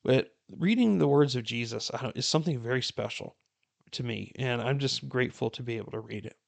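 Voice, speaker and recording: A man hosting a Bible reading plan, reading scripture passages aloud in an earnest, unhurried way and then explaining them in casual commentary. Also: medium pitch, gravelly.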